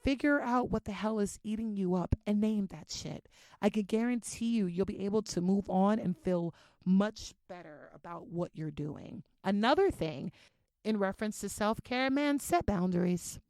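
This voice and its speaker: A young adult woman hosting a podcast, giving self-help advice in a casual, animated, profane way and drawing out her key points. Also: medium pitch, moderate pace, no room sound. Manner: animated, profane, talks straight to listeners. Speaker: podcast host.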